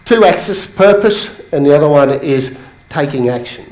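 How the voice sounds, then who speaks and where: A man coaching a seated audience in a motivational bootcamp talk, telling stories with sudden rises in pitch for emphasis. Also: normal speed. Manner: animated storytelling, pitch jumps up for emphasis. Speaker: business coach. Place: training room with a live audience. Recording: echoey room.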